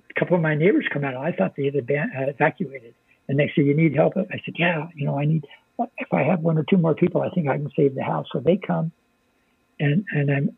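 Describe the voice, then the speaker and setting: Older man, gravelly, husky, plainspoken veteran storyteller, swears freely, thin phone-like sound. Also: a little high, no echo. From United States. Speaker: guest, military veteran. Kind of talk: casual interview storytelling. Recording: dry, phone-like narrow sound.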